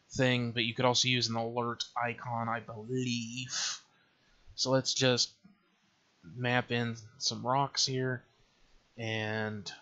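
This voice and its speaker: A man's voice: mid-range voice, pushed and bright. A man hosting a casual game development tutorial, thinking aloud and muttering to himself as he works through menus at his computer. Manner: thinking aloud, mumbling to himself while working. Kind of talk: casual screen-recorded tutorial. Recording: slightly dull lo-fi recording.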